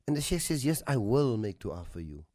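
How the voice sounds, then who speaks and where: A man hosting a radio talk show, telling a moral story in a slow, earnest way that drops to a soft hush at its tender moments. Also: medium pitch, very animated, no room sound, clean studio sound. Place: radio studio.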